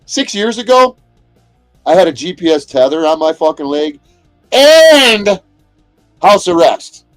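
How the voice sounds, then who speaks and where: A high-pitched man rants at his livestream chat from inside a motorhome, swearing constantly and cursing at viewers. His voice is close and completely dry, and faint music plays behind him. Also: sing-song, unhurried, no echo. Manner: profane, aggressive, shouts at chatters. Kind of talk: angry livestream rant.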